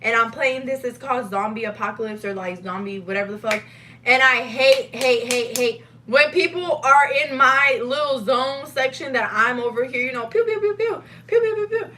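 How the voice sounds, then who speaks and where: A young woman, livestreaming from her home kitchen, loud and animated, swearing as she rambles. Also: fairly high pitch, normal speed, a little hiss or hum. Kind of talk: casual live stream chat.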